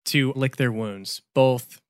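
A game master narrating a comedy tabletop session at an unhurried pace. The sound is close and dry. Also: mid-range voice, no echo.

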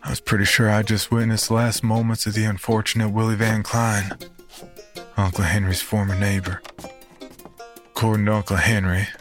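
Deep-voiced man narrating horror. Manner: measured, grim storytelling. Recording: narration over background music.

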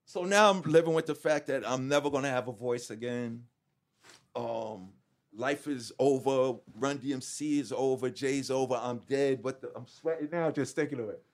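A man, telling his story to an interviewer in an animated, profane way and acting out the quotes. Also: medium pitch. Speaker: guest.

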